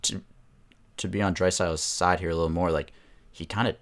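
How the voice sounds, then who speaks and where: A man with an extremely deep voice talks hockey in a relaxed, agreeable way. He chimes in, backs his partner up and adds his own points calmly. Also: a little fast. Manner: laid-back, agreeable, laughs along. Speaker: podcast co-host. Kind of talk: casual sports chat.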